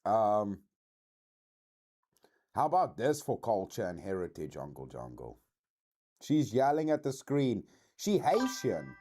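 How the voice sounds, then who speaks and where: A man from South Africa with a South African accent, hosting a casual livestream reaction chat in a slangy, swearing, animated way. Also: lowish voice, slow, long pauses. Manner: animated, slangy, says dude a lot, swears. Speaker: streamer host.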